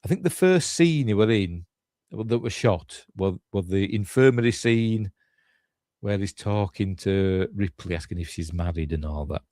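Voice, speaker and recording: A man's voice: low-pitched, expressive, moderate pace, a little mellow, no room sound, clean studio sound. A man with a Yorkshire accent hosting a casual film review, retelling scenes in a rambling, chatty way full of fillers and chuckles. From Yorkshire, England. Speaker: film reviewer, channel host.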